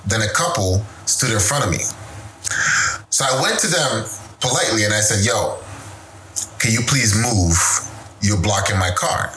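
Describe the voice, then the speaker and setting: A man co-hosting a podcast, telling stories in a loose, animated way and swearing freely. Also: lowish voice, moderate pace, long pauses. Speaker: podcast co-host. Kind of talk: casual chat. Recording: echoey room with faint noise.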